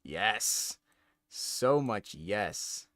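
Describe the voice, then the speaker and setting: A man's voice: fairly low pitch, very animated, very slow, a bit bright, no room sound, clean studio sound. A man chatting casually on a live stream while editing photos, giggly and self-mocking.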